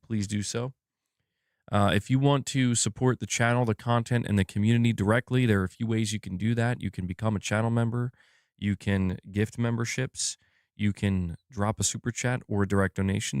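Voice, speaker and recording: A man with a lowish voice hosts a live gaming stream, ranting in a loose, candid way and swearing freely. He speaks close to a desk microphone in a dry room with no echo. The delivery is casual and frank. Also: darkish tone. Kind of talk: casual livestream talk.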